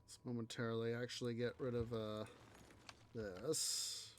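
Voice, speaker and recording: A man's voice: medium pitch, level tone, unhurried, a little hiss or hum. A man hosting a city-building game video, musing aloud in rambling casual commentary full of fillers. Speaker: let's play host.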